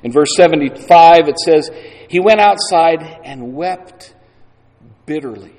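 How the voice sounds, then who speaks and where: A man preaching a sermon slowly and deliberately, leaning on key words for dramatic emphasis. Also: a little high, a little mellow. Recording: long hall reverb.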